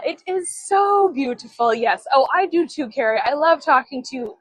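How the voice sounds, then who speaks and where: Woman tour guide, high voice, chatty and giggly, walking outdoors, dry phone mic. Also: animated, normal speed, few pauses, a bit bright, dry recording, rough recording. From Chicago, USA. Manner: chatty, giggly, storytelling asides. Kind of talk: live-streamed walking tour. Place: outdoors on city streets.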